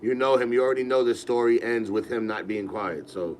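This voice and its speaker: A young man casually telling funny stories on a podcast, animated and slangy, laughing as he goes. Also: medium pitch, brisk, slight background noise. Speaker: podcast host. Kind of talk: casual storytelling.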